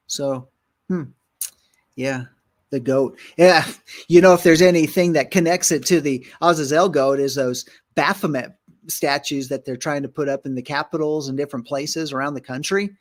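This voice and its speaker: Man teaching the Bible in a rambling way. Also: fairly high pitch. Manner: thinks aloud with many fillers and restarts, then reads scripture aloud. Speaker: ministry host and Bible teacher. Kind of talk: conversational Bible teaching on a broadcast.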